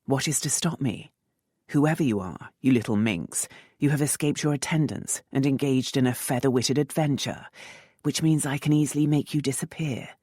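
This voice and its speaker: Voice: mid-range voice, normal speed, mellow, breathy edge, dry recording, clean studio sound. A narrator voicing a commanding, sardonic aristocratic rake who speaks in a lightly mocking drawl.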